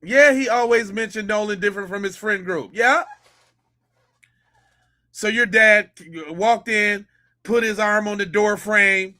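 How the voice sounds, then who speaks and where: A man's voice: sits high, steady tone, a little slow, pauses often, pushed and bright. A man hosting a podcast, a former police officer giving slangy, incredulous reaction commentary.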